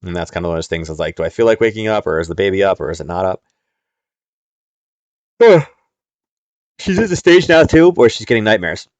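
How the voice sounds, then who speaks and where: Low-voiced man talking through charts. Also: lively intonation, racing, few pauses, dry recording, lo-fi sound. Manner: chatty, explains step by step with frequent ums and "right?". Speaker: trading educator hosting a nightly stream. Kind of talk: casual live-streamed chart walkthrough.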